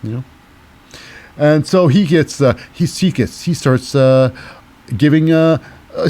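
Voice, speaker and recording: Cynical man recapping wrestling with a fairly high voice. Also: takes it slowly, pauses often, mellow. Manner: cynical and wry, with many fillers. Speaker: podcast host.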